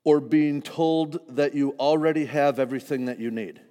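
A man preaching a sermon in a conversational, animated way, acting out the disciples with humor. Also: fairly high pitch, moderate pace, big-room sound. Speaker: pastor.

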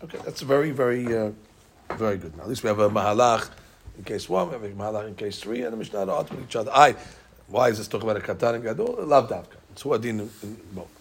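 A man teaching a Talmud study class in quick, halting English full of Hebrew and Aramaic terms, often repeating words. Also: on the low side, sing-song, vocal fry, a little hiss or hum.

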